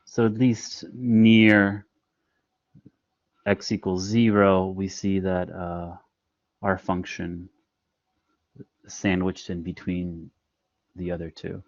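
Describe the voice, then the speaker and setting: Deep-voiced man teaching online. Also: flat delivery, takes it slowly, long pauses, no room sound, muffled recording. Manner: patient, step-by-step explaining with frequent fillers. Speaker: math instructor. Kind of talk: online lecture.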